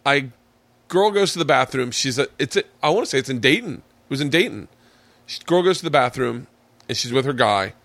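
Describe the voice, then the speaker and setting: Animated, swearing male comedian host. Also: medium pitch, fairly quick, no room sound. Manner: animated, profane, acts out voices in his stories. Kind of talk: casual storytelling chat.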